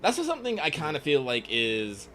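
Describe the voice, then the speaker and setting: A man's voice: fairly high pitch, wildly swooping pitch, brisk, a bit bright, slight background noise. Hesitant male podcast co-host. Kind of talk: casual gaming chat.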